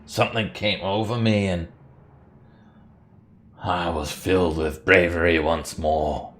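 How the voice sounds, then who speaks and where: A man voicing a brave, one-armed male dwarf miner who blusters gruffly. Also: low voice, fairly even intonation, slow, fairly bright tone. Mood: grateful.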